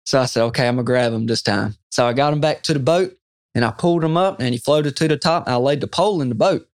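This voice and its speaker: A man, a guest telling an excited fishing story in an interview, quoting himself often. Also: medium pitch, quick pace, dry recording, clean studio sound. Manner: excited, animated storyteller who quotes himself a lot. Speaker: guest angler.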